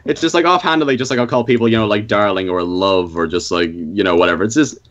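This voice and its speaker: A man's voice: on the low side, fast talker, a bit bright, muffled recording. An Irish man chatting casually on a podcast, rambling with many fillers and restarts. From Ireland. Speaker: podcast guest. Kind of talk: casual chat.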